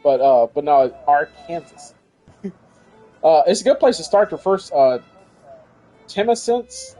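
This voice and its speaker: A man's voice: a little high, sing-song, measured pace, dark tone, soft background music. Rambling Southern man streaming a game. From Tennessee, US. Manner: rambling, jokey, many "uh" and "or whatnot". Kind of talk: casual let's-play chat.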